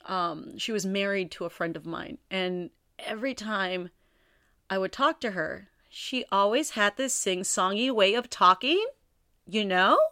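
A woman's voice: medium pitch, unhurried, bright, forceful tone, dry recording. Candid woman podcasting in a dry room. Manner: candid, rambling, self-deprecating humor. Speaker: podcast host. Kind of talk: casual solo podcast chat.

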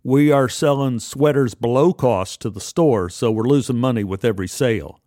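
A man voicing Marvin, an unflappable store boss who speaks slowly and hesitantly with fillers, in a spoken story. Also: medium pitch, mellow, dry recording, studio quality, close to an everyday voice. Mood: calm.

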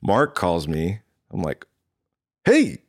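A man's voice: low-pitched, moderate pace, dry recording, clean studio sound. A man, a drummer and guest, telling a rambling story in casual conversation and acting out what people said to him. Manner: rambling, acts out quoted dialogue with restarts.

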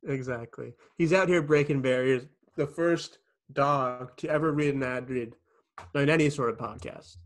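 A man co-hosts a comedy podcast in a dry, deadpan tone. He halts and restarts his sentences as he talks. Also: medium pitch, normal speed. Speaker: podcast co-host. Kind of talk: casual comedy podcast chat.

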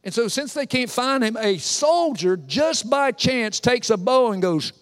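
A man preaching a sermon in a church, retelling a Bible story with lively storytelling and voicing its characters. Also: extremely high pitch, a little slow. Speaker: pastor. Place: church sanctuary. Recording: long reverb of a hall.

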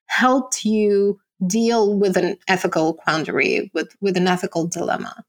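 A woman's voice: mid-range voice, fairly even intonation, unhurried. A woman interviewer with a mid-range voice speaks in a thoughtful, reflective way. She weighs her guest's story and draws out what she values in it. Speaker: host.

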